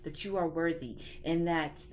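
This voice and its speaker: A woman's voice: sits low, fairly even intonation, moderate pace, slight background noise. A woman giving a casual spiritual tarot reading in a preachy, slangy and profane manner. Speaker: tarot reader.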